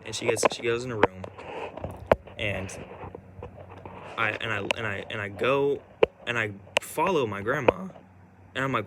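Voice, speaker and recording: A young man telling a personal story in a rambling, halting way, full of restarts and fillers. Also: medium pitch, background noise.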